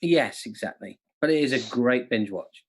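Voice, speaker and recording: A man's voice: mid-range voice, lively intonation, moderate pace, breathy edge. A man with a mid-range voice hosts an online quiz night. He banters casually, cracks jokes and laughs often. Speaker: quiz host, comedian.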